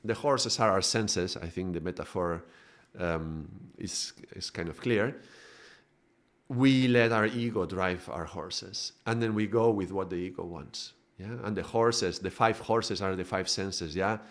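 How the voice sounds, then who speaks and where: A man's voice: sits low, unhurried, a bit bright. A man giving a live spiritual talk, building extended metaphors and often checking in with tag questions. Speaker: spiritual teacher.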